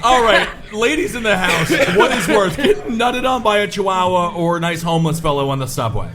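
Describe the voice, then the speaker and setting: A man's voice: sits high, animated, fairly quick, sharp tone. A man co-hosting a live comedy podcast, joking in a brash, provocative, crude way. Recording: music playing behind.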